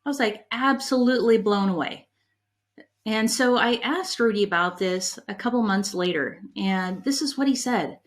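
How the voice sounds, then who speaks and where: A middle-aged woman giving a conference talk on leadership, an animated storyteller who is candid and emotional about her past. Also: medium pitch, normal speed. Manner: animated storyteller, acts out quoted people in her anecdotes. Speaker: conference breakout speaker on leadership.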